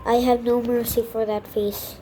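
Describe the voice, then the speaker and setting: High-pitched young woman muttering while gaming. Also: little pitch movement, normal speed, dark tone, slight background noise. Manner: exasperated, muttering, dramatic outbursts. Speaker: gamer. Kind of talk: gaming commentary.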